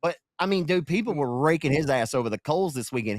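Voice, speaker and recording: A young man hosting a casual racing podcast, talking in a rambling, animated way and often getting sidetracked. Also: on the high side, quick pace, no room sound, clean studio sound. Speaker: podcast host and race announcer.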